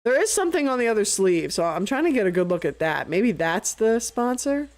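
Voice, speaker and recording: A young woman doing casual live play-by-play of a baseball game, chatty and easily sidetracked, swearing freely between pitches. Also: very animated, fairly quick, a little mellow. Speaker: play-by-play streamer.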